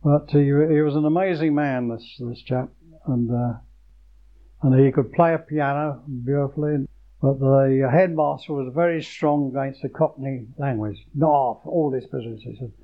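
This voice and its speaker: An older man from Croydon recalling his school days in a halting oral history telling, with many restarts and fillers. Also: mid-range voice. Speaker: former pupil. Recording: dull lo-fi recording.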